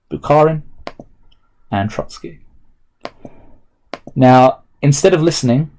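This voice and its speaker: A man's voice: medium pitch, mellow. A man, a history teacher recording a remote lesson and explaining each step aloud as he types notes.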